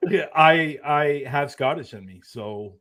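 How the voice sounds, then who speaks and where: A man appearing as a guest on a chat show, easygoing and quick to laugh, telling his stories. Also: on the high side, fairly bright tone. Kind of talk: casual chat.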